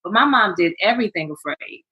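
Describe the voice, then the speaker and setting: A middle-aged woman, a guest in a candid interview, talking as an emphatic, animated storyteller. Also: mid-range voice, brisk, dull audio. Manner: emphatic, animated storyteller with repeated rhetorical questions.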